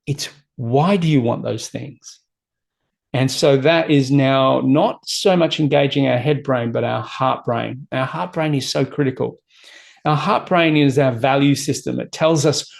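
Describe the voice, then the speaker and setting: This is a man speaking as a guest coach in an interview. His voice is gravelly, and he has a middle-range pitch. He talks in an emphatic, motivational way and stacks up repeated phrases. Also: a little slow. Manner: emphatic, repetitive lists. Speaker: guest, personal development coach.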